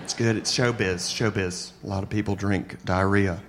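A male stand-up comedian doing his set on stage in front of a live audience, talking in an animated way and swinging into loud, exaggerated voices. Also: deep voice, normal speed. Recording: noisy live stage recording.

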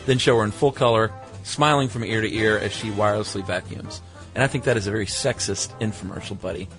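A man's voice: on the low side, quick pace, a bit bright, faint music behind. A middle-aged man co-hosting a podcast, chatting casually and reading listener mail in an easygoing way. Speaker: podcast co-host. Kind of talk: casual chat.

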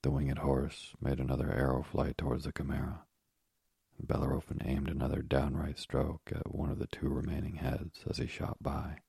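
Very deep gravelly male storyteller. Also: level tone, moderate pace, warm tone, no echo, clean studio sound. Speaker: narrator. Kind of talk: storybook reading aloud.

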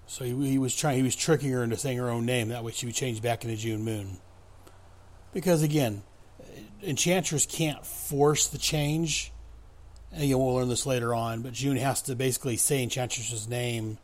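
A man's voice: medium pitch, darkish tone. A man hosting a podcast, recapping a comic book in a casual way, reading the dialogue aloud in voices and chuckling often.

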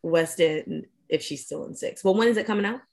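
A woman's voice: lowish voice, a little fast, creaky, darkish tone. A woman podcast co-host in casual chat, matter-of-fact and questioning.

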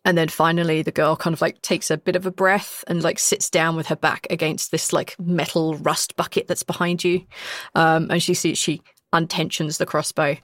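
Casual game-master woman, low-pitched, close and dry, filler-heavy narration. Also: little pitch movement, normal speed, a bit bright, no room sound. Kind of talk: narrating a tabletop role-play.

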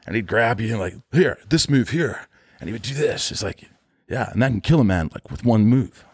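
A man's voice: lowish voice, quick pace, breathy edge, dry recording. A man, an actor, chatting casually and acting out an anecdote with quoted voices. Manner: animated storyteller, acts out quotes. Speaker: actor guest. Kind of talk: casual chat.

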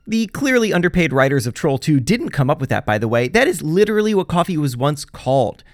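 A man's voice: a little high, expressive, fast talker, no echo, studio quality. A man hosting a podcast, narrating a scripted history story in a wry, jokey way. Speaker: podcast host.

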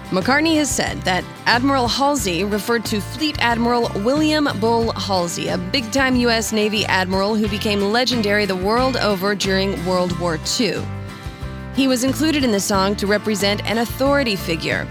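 On a radio music feature, a female host reads scripted narration in a measured, explanatory storytelling style. Her mid-range voice stays animated.

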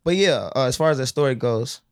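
Kentucky guy on a podcast spinning a story, slangy and animated, mid pitch. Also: brisk, clear, resonant tone, dry recording, clean studio sound. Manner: animated, slangy, acts out quotes in other voices. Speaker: rapper guest.

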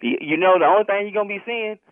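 A man's voice: high voice, racing, a little hiss or hum. Heated man over a tinny phone line. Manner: threatening, heated street talk. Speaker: prank call target. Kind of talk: phone call.

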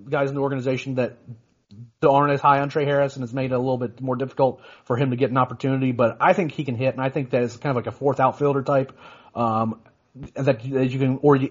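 A man's voice: medium pitch, breathy edge, dull audio. A man co-hosting a casual sports podcast, rambling with lots of restarts and "you know"s. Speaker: podcast co-host.

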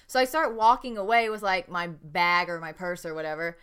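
Young woman podcast co-host, bright crisp voice, profane, giggly storyteller. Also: a little high, fast talker, hardly any pauses. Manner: swears freely, laughs often, animated storytelling. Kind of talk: casual chat.

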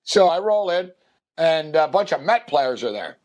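A man's voice: fairly high pitch, very animated, moderate pace, a little mellow. A man telling a long, rambling anecdote on a sports podcast, full of fillers and acted-out quotes. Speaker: podcast co-host. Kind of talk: casual storytelling.

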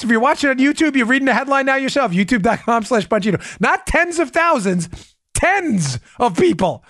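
Animated, high-pitched male podcast host. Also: a little fast, no echo, studio quality. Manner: animated, emphatic, repeats key phrases, laughs often; addresses listeners as "folks". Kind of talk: political commentary podcast.

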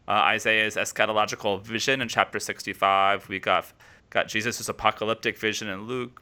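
A man hosts the show in a clear, organized way, introducing each segment. His voice sits a little low but sounds bright and forceful. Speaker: podcast host.

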